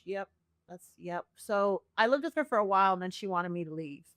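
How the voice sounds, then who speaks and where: A woman's voice: medium pitch, fairly quick, dry recording, studio quality. A woman guest on a podcast telling her personal story with feeling, acting out the voices she quotes. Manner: earnest, animated, acts out quoted voices.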